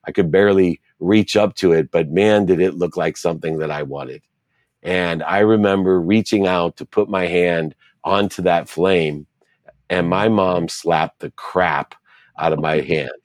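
A middle-aged man with a low-sitting voice, recorded at studio quality with no room sound, is an interview guest telling his life story. He's earnest and reflective, piling up repeated phrases.

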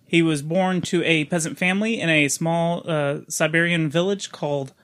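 A man's voice: on the high side, fairly even intonation, normal speed, a bit bright. A man hosting a casual podcast chat, loose and self-mocking, laughing often and stumbling over hard names. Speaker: podcast host.

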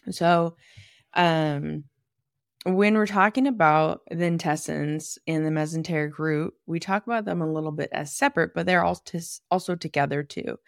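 A low-pitched woman hosts a podcast and walks through anatomy in a loose, conversational way, pausing to think aloud and tossing in asides. Her voice is close and completely dry, with no room sound around it. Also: fairly even intonation, gravelly, no room sound. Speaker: podcast host and manual therapist. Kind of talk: casual educational monologue.

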